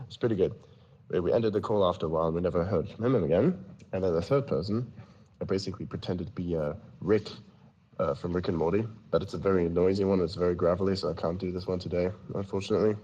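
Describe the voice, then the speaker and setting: A man with a low, husky voice telling stories in a loose, rambling way. He stammers and restarts his sentences often. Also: mellow, muffled recording. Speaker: storyteller in a voice chat. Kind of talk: casual storytelling.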